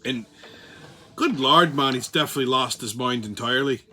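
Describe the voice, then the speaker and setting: A man's voice: medium pitch, fairly quick, bright, forceful tone, voice pushed down. A man putting on an Irish ranting pundit. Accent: put-on Irish. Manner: profane, ranting. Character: whimsical Irish male pundit. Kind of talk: political commentary rant.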